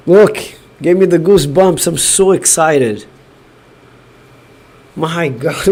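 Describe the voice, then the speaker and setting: A man's voice: a little high, slow pace, long pauses, breathy edge. Ecstatic man cheering on a live stream. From Brazil. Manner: elated, shouting cheers. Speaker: live streamer hosting a watch party. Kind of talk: excited live-stream chat. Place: home studio.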